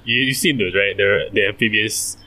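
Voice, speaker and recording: A man's voice: on the low side, normal speed, pushed and bright. A man co-hosting a podcast in casual chat, rambling and jokey, laughing often. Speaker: podcast co-host.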